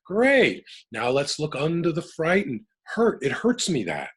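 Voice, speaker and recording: A man's voice: a little high, unhurried, hardly any pauses, slightly rough. A middle-aged man from the United States, talking emphatically as an interview guest about working through his emotions. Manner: animated, emphatic, works through emotions aloud. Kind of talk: reflective personal talk.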